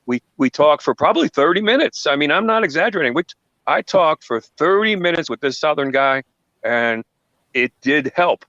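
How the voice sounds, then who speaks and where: A man's voice: fairly high pitch, animated, normal speed, fairly bright tone, no room sound. Earnest man hosting a live panel. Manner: earnest, storytelling. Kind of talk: casual chat. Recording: dull, dry sound.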